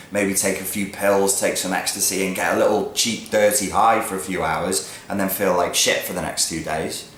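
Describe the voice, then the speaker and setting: A man ranting bluntly in a monologue, swearing freely and swinging from low mutters to loud, emphatic peaks. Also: little pitch movement, normal speed, few pauses. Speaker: vlogger giving opinions. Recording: roomy echo with faint background noise.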